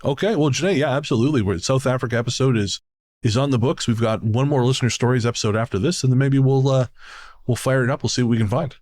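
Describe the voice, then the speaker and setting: Relaxed, jokey male co-host in casual podcast banter. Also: mid-range voice. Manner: easygoing, jokey, quick to laugh. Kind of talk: casual chat.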